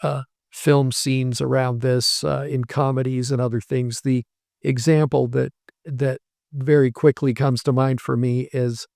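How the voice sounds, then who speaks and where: Man with a gravelly voice, professor type walking thru examples, dry close sound. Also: medium pitch, level tone, measured pace, a little mellow, no room sound. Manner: patient, explains with worked examples and anecdotes. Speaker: language professor as guest. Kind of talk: explanatory interview talk.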